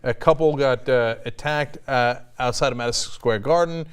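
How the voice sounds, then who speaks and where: Blunt, smooth-voiced male news host. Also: mid-range voice, normal speed. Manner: blunt, argumentative, swears casually. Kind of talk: opinionated online news discussion.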